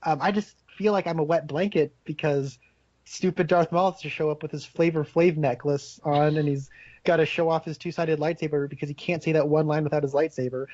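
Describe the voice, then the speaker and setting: A man's voice: fairly high pitch, steady tone, brisk, a little mellow, no echo, muffled recording. A man co-hosting a podcast in casual chat, rambling and laughing as he acts out quotes. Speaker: podcast co-host.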